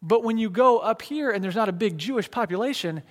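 A man preaching a sermon, teaching from a map in a conversational, animated way, with frequent fillers and restarts. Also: sits high, a little fast. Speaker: pastor. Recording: long hall reverb.

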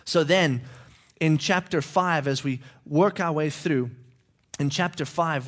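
Conversational male preacher, higher voice. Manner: conversational, checking in with "okay?". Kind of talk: sermon.

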